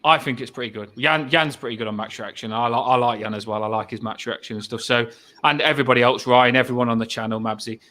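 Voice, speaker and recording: A man talks in an earnest, upbeat way on a casual fan chat and often repeats himself. His voice has a bright, forward sound. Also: medium pitch, fast talker. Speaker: co-host of fan channel.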